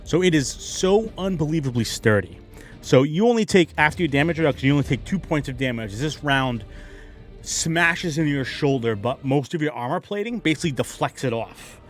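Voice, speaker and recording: Animated man running a tabletop game. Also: on the high side, a little fast, soft background music. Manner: animated, laughs often. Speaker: game master.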